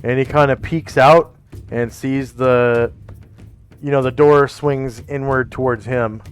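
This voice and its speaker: A man's voice: medium pitch, steady tone, slow pace, clear, resonant tone, faint music behind. A man narrating as game master of a tabletop game in a laid-back, descriptive way.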